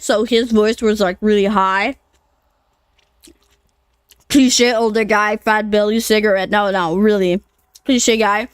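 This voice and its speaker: A woman in her late twenties talks to her live chat in a slow, slightly high voice. She is blunt and foul-mouthed, and her speech is full of casual fillers. The sound is dry and close, with no room echo. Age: late 20s. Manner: blunt and profane, with frequent fillers. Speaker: streamer.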